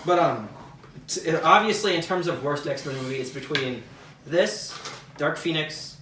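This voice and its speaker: A man's voice: a little high, unhurried, background noise. A young man from Texas hosting a casual podcast review, wry and talkative as he leads the chat. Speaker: podcast host. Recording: roomy, distant mic.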